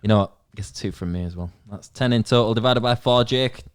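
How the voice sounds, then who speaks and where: A man's voice: fairly low pitch, fast, clean tone. A man co-hosting a podcast, bluntly swearing while he tallies the scores. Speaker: podcast co-host tallying scores. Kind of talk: casual chat.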